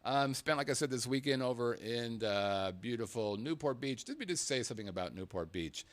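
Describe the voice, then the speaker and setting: A man's voice: mid-range voice, expressive, brisk. A man hosting a casual talk show, rambling along and often stumbling and repeating words. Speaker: podcast host.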